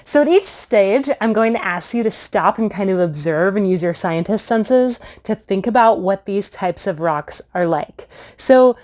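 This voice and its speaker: A woman's voice: mid-range voice, lively intonation, a little slow, hardly any pauses, a little mellow. Bubbly woman hosting a kids' science lesson. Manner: bubbly, chatty, playful. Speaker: science show host.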